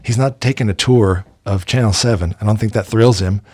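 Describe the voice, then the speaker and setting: A man's voice: fairly low pitch, brisk, darkish tone, breathy edge, no echo, studio quality. A middle-aged American man hosting a casual spoken tribute, meandering through film memories with lots of ums and uhs and an enthusiastic, chatty tone. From United States. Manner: chatty, enthusiastic about films. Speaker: host.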